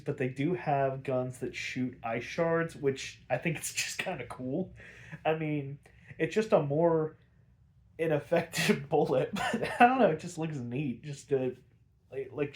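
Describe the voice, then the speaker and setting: A podcast host with a slightly high, darkish voice casually recaps an episode, rambling along with plenty of fillers and easy swearing.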